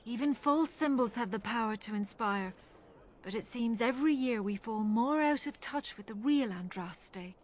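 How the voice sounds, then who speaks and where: A woman voicing a pious, thoughtful chantry relic curator in a fantasy video game, speaking in an earnest, measured way with an Irish accent. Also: fairly high pitch, natural voice.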